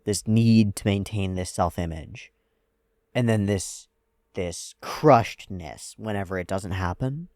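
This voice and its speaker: Low-voiced man musing in dry sound. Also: a little mellow, no echo. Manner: thoughtful, analytical, hedging with "like". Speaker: anime reaction host. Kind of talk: casual reflective commentary.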